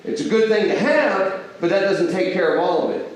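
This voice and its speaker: Male Bible class teacher, higher voice, casual teaching tone, recorded far off in a very echoey hall. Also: expressive, normal speed. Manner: asks the audience rhetorical questions; acts out everyday quoted exchanges. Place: church hall.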